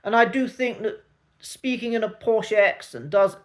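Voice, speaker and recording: A man with a traditional Received Pronunciation accent, teaching a spoken lesson with clipped vowels and an authoritative, measured manner. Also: high voice. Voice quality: clipped, cut-glass vowels. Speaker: accent coach.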